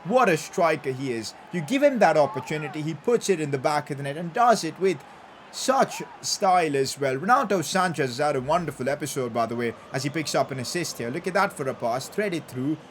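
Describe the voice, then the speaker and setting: Excitable young man commentating a football game. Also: a little high, fairly quick, a little hiss or hum. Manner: excitable, bursts into loud cheers at goals. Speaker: gaming YouTuber. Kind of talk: live commentary over a football video game.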